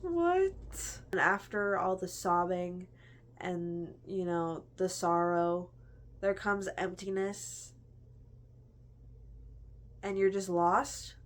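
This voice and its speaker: A woman's voice: on the low side, very slow, pauses often. Young woman, book review vlog, chatty, gushing, lots of "like". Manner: gushing, chatty, heavy use of "like". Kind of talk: casual book review chat.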